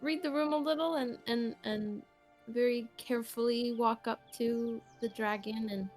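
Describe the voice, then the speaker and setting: A woman's voice: a little high, steady tone, unhurried, faint music behind. Bubbly, hesitant woman player. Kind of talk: casual chat at a tabletop game.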